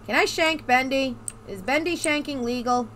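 Bright-voiced woman, jittery game commentary. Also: high voice, moderate pace, a little hiss or hum. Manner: nervous self-reassuring chatter, swearing. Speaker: gamer. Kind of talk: let's play commentary.

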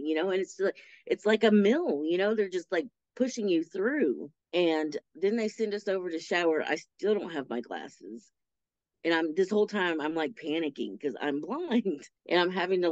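A woman guest telling her story in an interview, animated and acting out the voices of people she quotes. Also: on the low side, no room sound, lo-fi sound. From Texas.

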